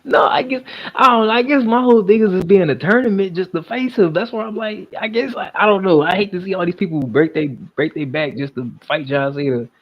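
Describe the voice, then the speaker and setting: A man's voice: high voice, a little fast, few pauses, muffled recording. A man co-hosting a casual wrestling podcast in a laid-back, teasing way. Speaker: podcast co-host.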